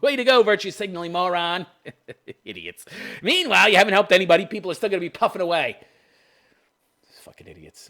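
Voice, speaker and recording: A man's voice: sits high, very animated, brisk, long pauses, sharp tone. A man hosting a podcast, reading news items aloud and tearing into them with sarcastic, profane commentary and scoffing laughs. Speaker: podcast host.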